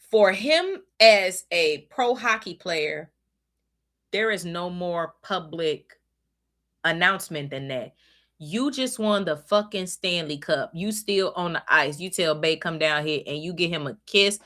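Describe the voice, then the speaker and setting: A woman hosting a casual podcast, telling a story in a gushing, profane way with loud squeals. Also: lowish voice. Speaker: podcast host. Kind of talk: casual chat. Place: home desk.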